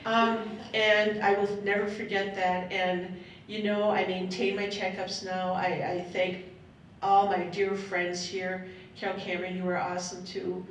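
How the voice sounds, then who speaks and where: A woman's voice: monotone, a little slow. Heartfelt middle-aged woman in an echoey hall. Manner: heartfelt, rambling, laughs between thoughts. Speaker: panel speaker sharing her story. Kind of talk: personal storytelling to a live audience. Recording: echoey hall, voice from a distance, faint rumble.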